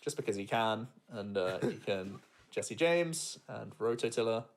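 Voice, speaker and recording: A man co-commentating a competitive card game, relaxed and often chuckling while he breaks down the plays. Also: lowish voice, measured pace, vocal fry.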